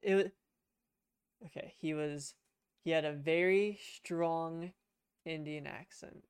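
A young man chats on a podcast from his computer at home, spinning out a long, rambling story full of restarts and the odd curse. His voice is smooth and resonant, and the sound is close and dry. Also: on the high side, fairly even intonation, slow, no room sound. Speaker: podcast co-host. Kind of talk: casual chat. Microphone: headset.

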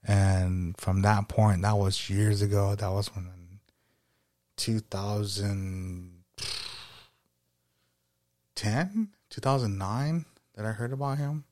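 A young man with a low, mellow voice hosts a casual podcast. He tells stories in a relaxed, rambling way with plenty of fillers. The sound is dry and close. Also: slow, pauses often, no echo. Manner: rambling, laid-back, many fillers. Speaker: podcast host.

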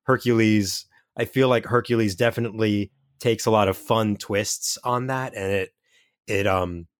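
A man's voice: lowish voice, steady tone, moderate pace, no room sound, clean studio sound. A man co-hosting a casual movie podcast, rambling and often searching for the right word. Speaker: podcast co-host. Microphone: home mic over online call.

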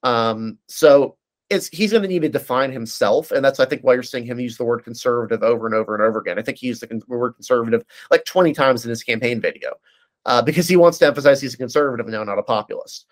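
A man's voice: mid-range voice, quick pace. A man in casual political discussion, giving detailed analysis with frequent fillers and restarts.

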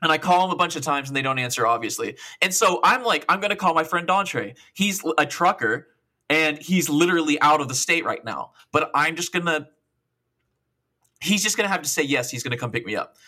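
A young man in his twenties co-hosts a podcast, his voice on the high side and fairly quick. Casual and profane, he gives a rambling, animated retelling of a long story stuffed with quoted dialogue.

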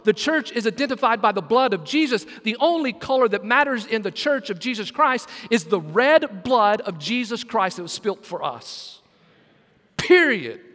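A man's voice: very high-pitched, very animated, normal speed, a bit bright, big-room sound. A man, a senior pastor, preaching a sermon with emphatic delivery and asides that call on the congregation. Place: church sanctuary.

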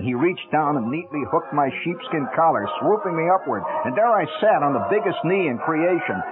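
A male storyteller spinning a funny first-person tale, wry and animated, with a fairly high voice that swoops widely in pitch. He sounds thin and tinny, like an old radio broadcast, with music playing underneath. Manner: wry, animated, rapid swings from loud to hushed.

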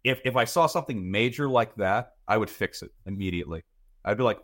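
Brisk and fairly bright, yet on the low side, this thirtysomething man is a guest on a podcast. His casual chat rambles, with frequent word repetitions as he thinks.

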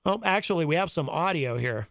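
A man's voice: a little high, animated, fairly quick, gravelly, fairly bright tone, no room sound, clean studio sound. A man hosting a call-in talk show, reading news items aloud and commenting in a conversational way. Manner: conversational, thinking aloud with fillers and asides.

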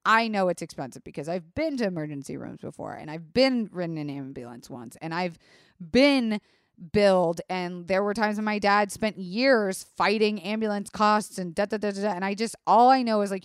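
A young woman hosting a vlog, telling a personal story in a casual, animated way, swearing often and filling her talk with "like". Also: mid-range voice, a little fast, clean tone, no echo, studio quality. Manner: animated, profane, lots of "like". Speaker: vlog host.

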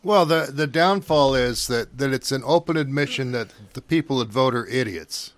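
A man's voice: medium pitch, moderate pace, dry recording. A man in a casual podcast discussion, earnest and opinionated.

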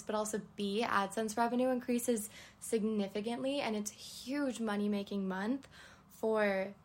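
Chatty young woman, rambling and laughing. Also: on the high side. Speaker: podcast host. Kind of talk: casual solo chat.

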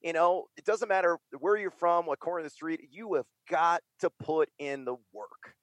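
Energetic man talking up hard work. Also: fairly high pitch, moderate pace, dry recording. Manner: energetic, emphatic, many fillers. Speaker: fantasy sports broadcaster and writer. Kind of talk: casual interview talk.

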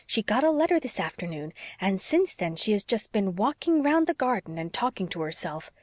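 A woman reading the part of a fussy, devoted older housekeeper, prim and hushed in a lower voice. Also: big pitch swings, moderate pace, dry recording, studio quality. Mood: fussing. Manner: prim, fussing, low and hushed.

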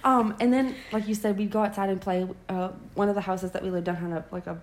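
A woman from Wisconsin co-hosting a casual chat, talking in a chatty way with lots of "like" and quick reactions. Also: medium pitch, steady tone, slight background noise. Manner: chatty, warm reactions, uses "like" often. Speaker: podcast co-host.

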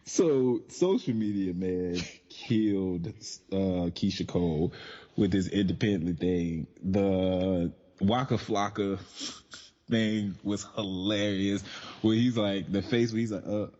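A man's voice: sits low, slow, dark tone. A man co-hosting a podcast in casual chat, laughing easily and talking with enthusiasm. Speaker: podcast co-host. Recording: dull lo-fi sound with long reverb.

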